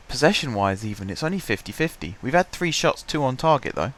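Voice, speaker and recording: A man casually commentating his own football management game, his voice stuffy and blocked up, chatty and self-mocking, clearing his throat now and then. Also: medium pitch, fairly bright tone. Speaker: gaming commentator. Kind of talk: casual let's-play commentary.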